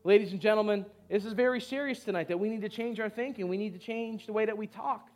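A pastor preaching to a congregation, urging them on in short repeated phrases and asking them to answer back. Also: male voice, high-pitched, quick pace, faint music behind. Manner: exhorting, call-and-response with the congregation. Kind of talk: sermon. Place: church service before a congregation.

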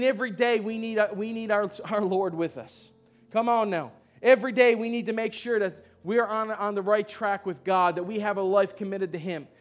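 Male pastor, high voice, conversational exhorting sermon, pushes the room to answer back. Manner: exhorting, call-and-response with the congregation; conversational, repeats short phrases. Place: church service before a congregation.

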